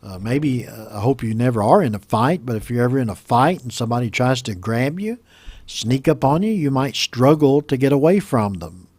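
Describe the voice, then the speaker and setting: A man with an American accent teaching English pronunciation, reading a news story aloud and explaining words slowly and patiently. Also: medium pitch, animated, a little mellow, breathy edge, dry recording. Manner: slow, patient, repeats words for learners.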